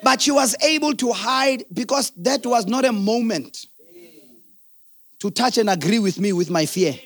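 A middle-aged man preaching a sermon, swinging from shouted, sing-song peaks to low, quiet asides. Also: expressive, unhurried, dry recording. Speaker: pastor.

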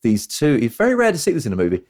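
A man on a film review podcast, retelling movie scenes in casual, animated chat. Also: medium pitch, racing.

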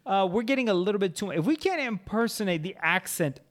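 A man from the United States hosting a podcast, arguing his points in animated casual banter and often laughing. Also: high voice, a little fast. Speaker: podcast host.

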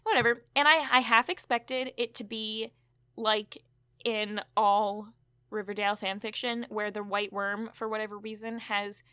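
A woman's voice: mid-range voice, fairly even intonation, a little slow, pushed and bright, clear, resonant tone, no echo, clean studio sound. A woman co-hosting a podcast, recapping a TV episode in casual chat with chatty asides and fillers. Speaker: podcast co-host.

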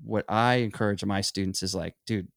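A middle-aged man with a low, gravelly voice chats casually about creativity. He muses and wanders through restarts and acts out quoted voices. The sound is dry and close. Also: fairly even intonation, a little fast, no room sound. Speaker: photography teacher. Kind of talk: casual conversation.

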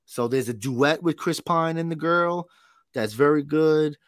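A man's voice: a little high, unhurried, no room sound, studio quality. Rambling casual male podcast co-host. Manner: rambling, filler-heavy, profane. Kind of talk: casual chat.

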